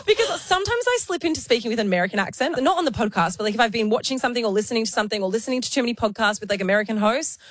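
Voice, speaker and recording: A woman in her thirties is co-hosting a casual podcast. She is teasing and self-deprecating and laughs often, with a slightly high voice. The recording is dry and close. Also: expressive, very fast, few pauses, dry recording. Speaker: podcast host. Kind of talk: casual chat.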